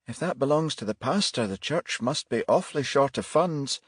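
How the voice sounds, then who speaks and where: A man voicing a young female detective with a blunt, wry manner in a raised pitch. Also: animated, normal speed, husky, no room sound, studio quality. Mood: wry, businesslike.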